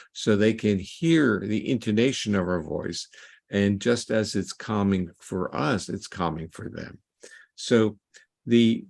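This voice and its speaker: A man answering interview questions as a scientist, explaining at length in a measured, lecturing way with hesitant fillers. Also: lowish voice, vocal fry.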